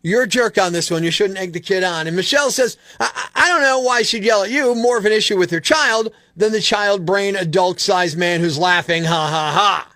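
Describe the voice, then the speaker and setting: A man's voice: sits high, fairly quick, few pauses, no room sound, studio quality. A man hosting a morning radio show, telling stories, joking about the news and laughing often. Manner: animated storyteller, laughs often. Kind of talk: casual radio talk and news jokes. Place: radio studio. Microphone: studio microphone.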